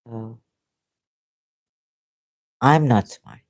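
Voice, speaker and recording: In a casual debate chat, this speaker has a medium-pitched voice and draws out words. The talk rambles and hesitates, with a self-deprecating streak.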